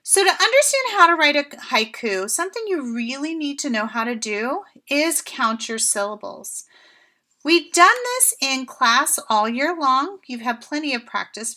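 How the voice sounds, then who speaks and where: Young woman, primary teacher, high bright voice, slow and encouraging, talking to small kids. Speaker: first grade teacher. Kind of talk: remote lesson for young children.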